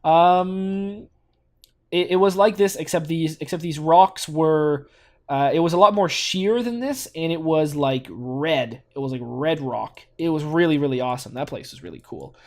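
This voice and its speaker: A young man from Canada casually commenting on his own gameplay, thinking out loud with lots of fillers and restarts. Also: fairly high pitch, moderate pace. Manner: rambling, thinks aloud with many fillers and restarts. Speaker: gaming channel host.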